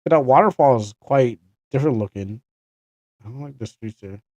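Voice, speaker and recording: A man's voice: mid-range voice, expressive, moderate pace, darkish tone, no room sound, dull audio. A young Canadian man chatting casually on a game livestream, rambling and correcting himself with chuckling asides. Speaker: streamer.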